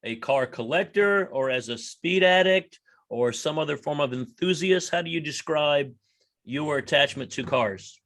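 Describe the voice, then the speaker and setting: A man's voice: fairly high pitch, lively intonation, moderate pace, a bit bright. Attentive male interview host. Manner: attentive, frequent short agreements and laughs. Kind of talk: casual interview chat.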